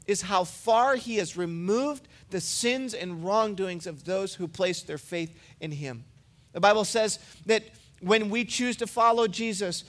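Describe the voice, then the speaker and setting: A man's voice: high voice, a bit bright. A man and pastor giving a sermon, preaching in a casual, storytelling way.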